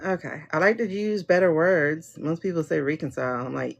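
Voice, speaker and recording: A woman's voice: low voice, animated, brisk, creaky, highs cut off. A woman doing a livestream tarot and pendulum reading, talking bluntly and joking with her viewers.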